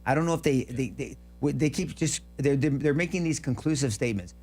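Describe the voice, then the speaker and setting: A man's voice: mid-range voice, a little fast, a little mellow. A man co-hosting a political talk show, rambling and profane, often stumbling and restarting his sentences. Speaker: co-host.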